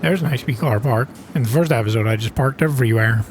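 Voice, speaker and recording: A man talks casually through a farming game at an ordinary, mid-range pitch. He is chatty and self-mocking, and he breaks into sharp gasps when something surprises him. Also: fast talker, a little hiss or hum. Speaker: gaming channel host. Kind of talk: casual gameplay commentary.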